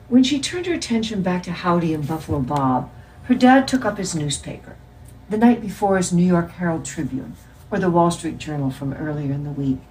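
A woman reading a novel aloud in a measured, expressive way. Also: low voice, distant mic, slight background noise, poor audio. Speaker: reader.

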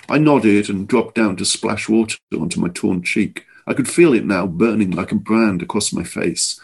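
Husky, lively male author reading his fiction. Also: fairly low pitch. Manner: expressive, measured storytelling. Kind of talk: literary short story reading.

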